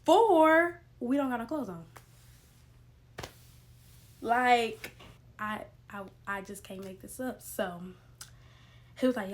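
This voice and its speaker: Animated young woman telling a story. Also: on the high side, slow, long pauses, slight background noise. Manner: animated, slangy, addresses viewers as y'all. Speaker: storytime vlogger. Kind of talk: casual storytelling to camera.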